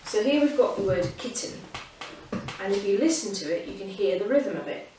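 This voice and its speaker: A woman's voice: mid-range voice, animated, a little fast, mellow. A woman teaching children about reading with a patient, encouraging manner, recorded at home. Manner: patient and encouraging, sings a silly song. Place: home during lockdown. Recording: echoey room, far from mic, faint hiss.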